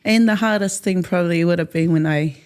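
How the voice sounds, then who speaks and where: Interview guest: woman, soft dark timbre, loose and rambling, drops in Māori words. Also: fairly low pitch, brisk, clean tone. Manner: rambling, many fillers, mixes in Māori words. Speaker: interview guest, haka performer. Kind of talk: casual interview chat.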